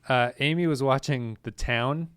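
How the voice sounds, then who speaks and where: A man talks easily as a podcast host, moving from loose chat to reading supporter names in a quick list. His pitch is middle for a man. The sound is close and dry. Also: a bit bright, clear, resonant tone, no room sound. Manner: easygoing, talkative, reads a long list of names. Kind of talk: casual chat and sponsor thank-yous.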